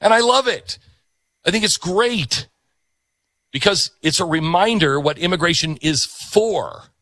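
A man hosts a talk show, his pitch swinging widely as he riffs through a monologue and slips into quick quoted voices. The sound is dry and close, with no room around it. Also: no room sound. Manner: animated, conversational, acts out quoted voices. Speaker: radio and TV show host.

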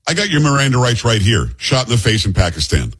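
A man's voice: medium pitch, big pitch swings, fast, a bit bright, slightly rough. A man hosting a talk show, giving blunt, heated commentary on the news and sometimes stumbling over names. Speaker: host.

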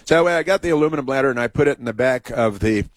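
A man's voice: mid-range voice, quick pace, dry recording. A man hosting a talk show, telling a meandering story full of restarts and asides, then moving on to political commentary.

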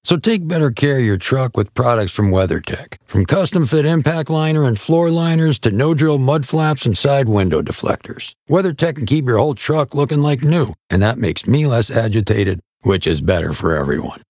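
A grumpy talking bear. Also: male voice, medium pitch, lively intonation, normal speed, few pauses, a little mellow, no room sound, studio quality. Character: grumpy talking bear, male, easily irritated. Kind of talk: scripted radio commercial.

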